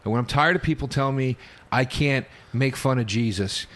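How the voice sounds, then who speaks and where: A man's voice: mid-range voice, a little fast, a bit bright. A man, a stand-up comedian guest on a podcast, telling a rambling, profane story with many restarts. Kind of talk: casual storytelling chat.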